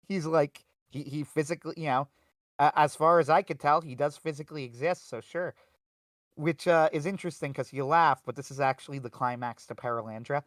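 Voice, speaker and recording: A man's voice: a little high, moderate pace, no room sound, clean studio sound. A man co-hosting a livestream, talking casually about a film with lots of fillers and restarts. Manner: animated retelling with frequent fillers and restarts. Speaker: podcast co-host.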